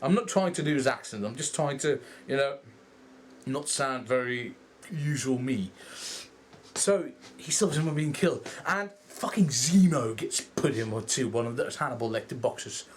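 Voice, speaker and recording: A man's voice: mid-range voice, normal speed, slight background noise. Rambling Dutch-accented man. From Netherlands. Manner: rambling, animated, swears freely. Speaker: vlogger. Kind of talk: casual movie review rant.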